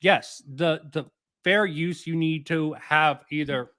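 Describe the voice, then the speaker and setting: A man debating in a measured, hesitant way, often conceding a point before pushing back. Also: a little high, bright, forceful tone, no echo, clean studio sound. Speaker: channel host. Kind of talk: debate, casual discussion.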